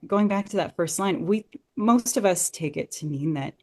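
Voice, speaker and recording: Here the guest speaks in a mid-range voice at normal speed, with plenty of expression. She reasons out loud about a Shakespeare text on a podcast, earnest and enthusiastic, in a conversational analytical manner.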